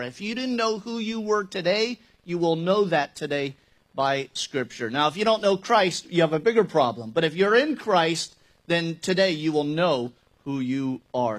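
A man preaching a sermon as pastor, talking conversationally and emphatically, asking rhetorical questions and joking with his congregation. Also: fairly high pitch.

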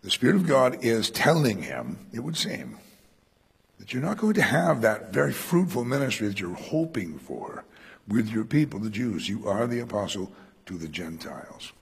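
Gravelly-voiced male preacher, lively delivery. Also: medium pitch, normal speed, long reverb tail. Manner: animated, acts out quoted speech with sudden loud bursts. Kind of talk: expository sermon on Acts. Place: room with a congregation.

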